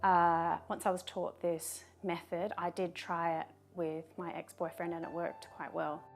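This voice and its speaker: A woman talking to camera in a video, giving calm, measured advice and turning firm when she gives short commands. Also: fairly low pitch, over loud music. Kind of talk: direct-to-camera advice talk.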